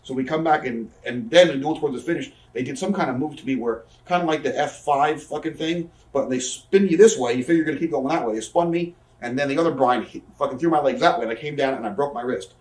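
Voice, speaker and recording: Mid-range and a little mellow, the voice belongs to a man in his thirties captured on a distant mic amid roomy echo. He's a shoot-interview guest whose storytelling is rapid and profane, acting out the people he quotes.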